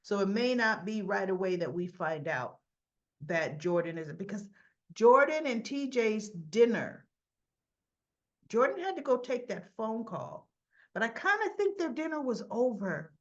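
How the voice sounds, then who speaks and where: A woman's voice: medium pitch, sing-song, a little slow, highs cut off. A woman casually recapping a soap opera episode, chatty, retelling scenes with quoted lines and asides.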